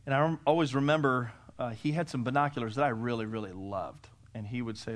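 A man's voice: mid-range voice, quick pace, hardly any pauses. A man preaching a storytelling sermon who acts out the voices of the people in his story and laughs as he goes.

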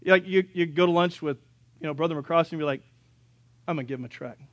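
A male pastor telling a story in a sermon, acting out the dialogue and sometimes bursting into loud, exasperated rants. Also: on the high side, fast talker, no room sound, dull audio.

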